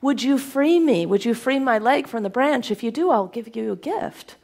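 A woman's voice: a little high, expressive, normal speed, a little mellow, voice pushed up. A woman telling of a trapped white owl. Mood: pleading.

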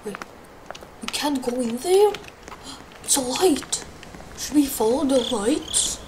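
A woman's voice: sits high, expressive, slow. A woman commenting on a horror game as she plays, easily spooked and exclaiming often. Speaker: gaming streamer. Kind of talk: live gameplay commentary. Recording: noticeable background noise.

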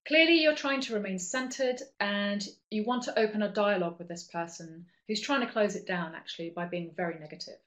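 A middle-aged woman presents a live webinar on workplace skills. Her voice sits at an ordinary pitch for a woman. She talks casually, fills pauses with ums and corrects herself as she goes. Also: fairly bright tone. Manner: chatty, with frequent ums and self-corrections. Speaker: webinar trainer. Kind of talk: live online training talk.

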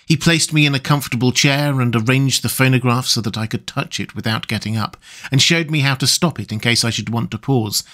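Calm male audiobook narrator. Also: medium pitch. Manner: calm, measured reading. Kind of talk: scripted narration.

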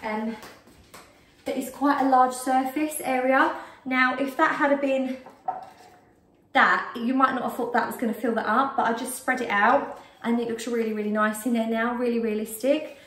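A woman's voice: fairly high pitch, fairly even intonation, normal speed, a bit bright. A British woman vlogging a casual shopping haul at home, chatty and rambling with frequent ums, a bit out of breath. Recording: roomy echo, distant mic.

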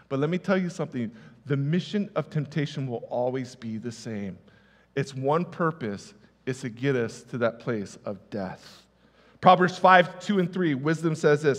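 Male pastor, high voice, storytelling sermon delivery, emphatic repeats, long hall reverb. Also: lively intonation, moderate pace. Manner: emphatic, repeats key words for effect; conversational, tells personal stories.

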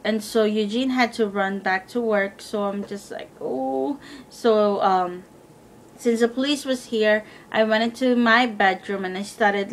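A woman's voice: medium pitch, a bit bright, slight background noise. Chatty young woman retelling a scare. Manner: rambling, filler-heavy retelling with quoted dialogue. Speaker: vlogger. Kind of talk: casual storytelling.

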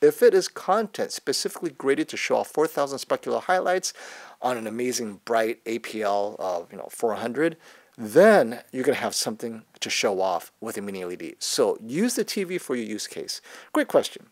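A man's voice: mid-range voice, big pitch swings, normal speed, no echo. A man hosts a live tech stream and answers viewer questions. His voice rises and falls a lot as he explains. The sound is close and dry, with no room around it. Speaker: tech channel host. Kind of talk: livestream tech chat.

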